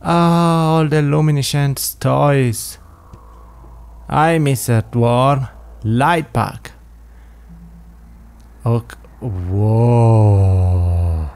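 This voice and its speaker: A man's voice: medium pitch, drawn-out words, long pauses, a little mellow. Jumpy man reacting while playing a game. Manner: jumpy, exclaiming, swearing reactions. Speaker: game player. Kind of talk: let's play commentary.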